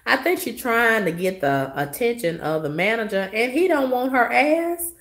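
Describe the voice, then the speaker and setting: A woman's voice: a little high, lively intonation, normal speed, a bit bright, roomy sound. Woman ranting, sassy and profane, coughs a lot, big swings up and down. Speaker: vlogger. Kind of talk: ranting monologue.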